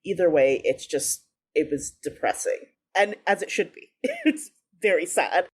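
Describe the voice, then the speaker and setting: A woman with a fairly low voice chats casually on a podcast. She sounds enthusiastic and laughs often between her points. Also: expressive, unhurried, a little mellow, slightly rough. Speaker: podcast co-host. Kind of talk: casual chat.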